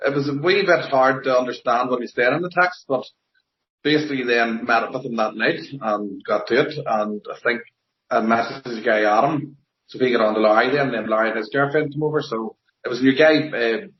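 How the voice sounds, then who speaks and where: A softly spoken man with a Northern Irish accent, answering interview questions plainly and modestly. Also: medium pitch, brisk. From Northern Ireland. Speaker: interview guest, armwrestler. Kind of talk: casual interview. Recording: echoey, muffled lo-fi audio.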